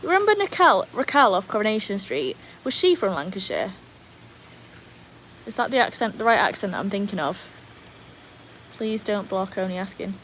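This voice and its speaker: A woman's voice: mid-range voice, big pitch swings, moderate pace, long pauses, fairly bright tone, a little hiss or hum, low-quality recording. A British woman, hosting a casual livestream from home, chatting with viewers and her dogs. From Britain. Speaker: livestream host.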